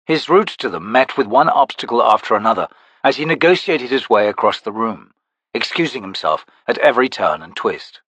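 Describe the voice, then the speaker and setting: A man narrating a fantasy audiobook with expressive storytelling. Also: medium pitch, a little fast, breathy edge, dry recording.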